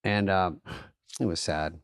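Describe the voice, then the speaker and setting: A middle-aged man from Arizona, co-hosting a podcast in casual chat, telling animated stories with lots of swearing and acted-out voices. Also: deep voice, takes it slowly, clear, resonant tone, no room sound, studio quality. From Arizona, USA. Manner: animated storyteller, swears a lot, acts out voices. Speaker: podcast co-host.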